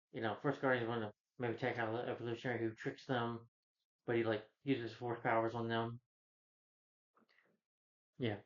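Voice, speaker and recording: Male reviewer, mid-range voice, rambling home recap on a muffled, lo-fi recording. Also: mid-range voice. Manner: rambling, full of "you know" and restarts. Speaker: movie reviewer. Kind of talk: casual plot recap. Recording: dull lo-fi sound.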